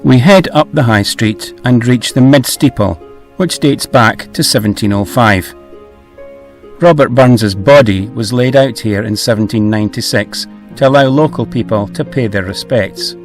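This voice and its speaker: Brief: middle-aged man, relaxed travel vlog host, soft music under him. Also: mid-range voice, moderate pace. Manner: easygoing, hesitant with fillers.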